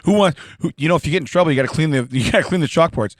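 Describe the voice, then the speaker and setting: A man co-hosting a comedy podcast, excitable and laughing often as he riffs in casual banter. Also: on the high side, very fast, no room sound. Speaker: podcast co-host.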